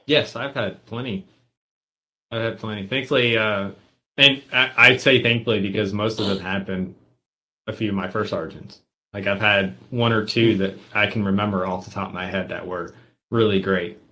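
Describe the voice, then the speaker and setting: A male army veteran with a fairly low voice that has a bright, forceful edge. He tells stories from his service in an easygoing way and laughs often. Loose, friendly podcast banter. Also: fairly even intonation, moderate pace, rough recording. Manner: laughs easily, tells anecdotes. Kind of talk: casual chat.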